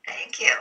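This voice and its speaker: Bright-voiced participant on a phone call. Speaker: group participant. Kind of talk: casual chat on a video call. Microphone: phone on a video call.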